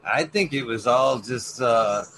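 A man's voice: mid-range voice, a little slow, fairly bright tone. A man chatting casually on a stream, laid-back and rambling, swearing often.

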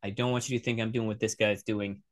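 A young man giving blunt, sarcastic reaction commentary, swearing freely and talking in quick restarts. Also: lowish voice. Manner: blunt, profane, sarcastic, animated. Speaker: commentator reacting to video clips.

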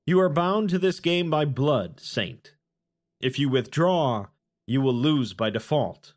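Male narrator reading as a cunning fae beast; measured, taunting, unhurried. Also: on the high side, animated. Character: cunning name-stealing fae creature, sly and mocking.

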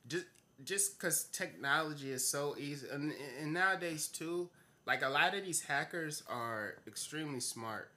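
Rambling, bright-voiced male podcaster. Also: fairly high pitch, moderate pace. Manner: rambling, many fillers and restarts, animated. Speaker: podcast co-host. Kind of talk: casual chat.

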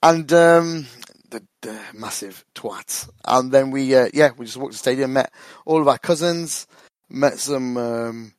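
A man's voice: mid-range voice, a little slow, no echo. A man chatting casually as a podcast co-host, rambling, swearing and laughing often. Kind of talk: casual football chat.

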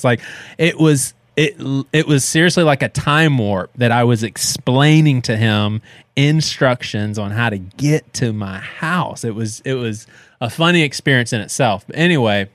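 A man in his thirties co-hosting a podcast, telling a story in a casual, animated way and laughing as he goes. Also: mid-range voice, normal speed, dry recording. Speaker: podcast co-host.

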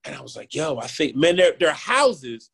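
Guest, man, 30s. Husky, slightly high, animated storyteller. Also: normal speed. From Philadelphia, USA. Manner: animated, keeps asking "right?", acts out quotes. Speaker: podcast guest. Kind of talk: casual interview storytelling.

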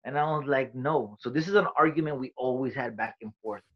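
A man in a relaxed interview tells his own story in loose, profane street talk. He drops in the lines other people said as he goes. The recording is a bit dull and lo-fi, and his voice sits in a middle register. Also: medium pitch, fairly quick, slightly rough. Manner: swearing, streetwise storytelling with quoted dialogue. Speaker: interview guest, comedian.

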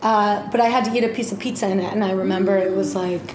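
A woman's voice: mid-range voice, fairly even intonation, fast, darkish tone. A woman co-hosting a podcast in casual chat, tasting food as she talks in a home kitchen. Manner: chatty, eating while talking. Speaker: podcast co-host. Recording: echoey room with faint ambient noise.

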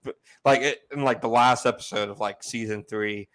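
A man co-hosting a podcast, talking in a casual, rambling and animated way. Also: mid-range voice. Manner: animated, rambling, quick asides. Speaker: podcast co-host. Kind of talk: casual chat.

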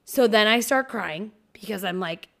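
A woman in her thirties chats on a podcast and tells a story about her own night. She swears freely and acts out what other people said in her own voice, and her pitch sits right in the middle. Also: moderate pace, creaky, a bit bright. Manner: swears freely, acts out quoted people when telling stories. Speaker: podcast co-host. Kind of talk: casual chat.

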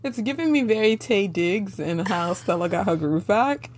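A woman's voice: mid-range voice, lively intonation, normal speed. A woman co-hosting a podcast, chatting casually in a sassy, slangy, emphatic way. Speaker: podcast co-host. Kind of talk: casual chat.

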